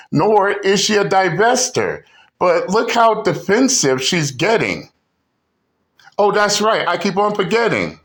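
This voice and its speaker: A man's voice: high voice, fairly bright tone. A man hosting a commentary channel, ranting combatively with insults and frequent restarts. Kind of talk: reaction rant commentary.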